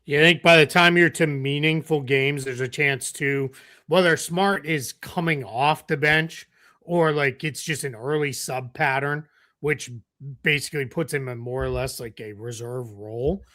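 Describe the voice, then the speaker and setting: Bright-voiced man in loose basketball chat. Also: fairly high pitch, a little slow, no echo, studio quality. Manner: loose, filler-heavy talk. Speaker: podcast co-host. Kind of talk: live basketball analysis chat.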